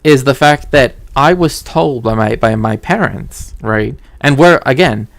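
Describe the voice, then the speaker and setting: A man's voice: mid-range voice, a little slow, gravelly, no echo. A man hosting a stream, telling a story in a rambling, self-interrupting way, often starting over mid-sentence. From Mexico. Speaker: stream host. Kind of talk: casual chat.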